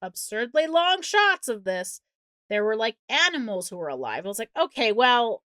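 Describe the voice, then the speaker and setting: A woman co-hosting a movie podcast, recounting a film's plot in casual, exasperated, animated chat with plenty of swearing. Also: a little high, moderate pace, no echo, studio quality. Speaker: podcast co-host.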